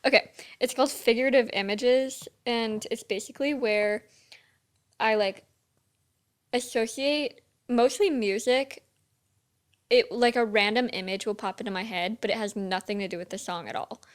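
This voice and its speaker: A woman's voice: on the high side, steady tone, normal speed. A young woman co-hosting a podcast, talking in casual chat with lots of "like" fillers. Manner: chatty, full of "like" fillers. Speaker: podcast co-host.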